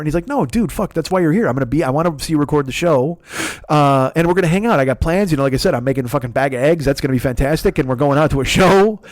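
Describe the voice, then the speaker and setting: A man's voice: fairly high pitch, darkish tone, dry recording. A man in his forties hosting a podcast, telling a rambling, profane, self-mocking comic story into a close microphone. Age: 40s. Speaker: podcast host. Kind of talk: solo comedic storytelling. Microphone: close podcast mic.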